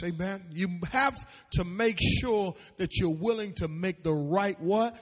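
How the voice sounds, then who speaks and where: A man with a strikingly high voice preaches to his congregation, firing off questions and waiting for the crowd to finish his lines. His voice swells into shouts at times, and each phrase rings out in the long echo of a big church hall. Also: a little slow. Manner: preachy call-and-response, rising to shouts. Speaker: pastor. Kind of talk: sermon. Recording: long reverb of a large hall.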